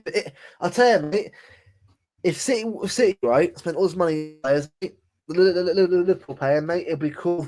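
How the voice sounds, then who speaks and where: Casual podcast co-host, male, slightly higher voice, rambling and repetitive delivery. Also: brisk, darkish tone. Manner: rambling, repeats words and says mate often. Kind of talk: casual football chat.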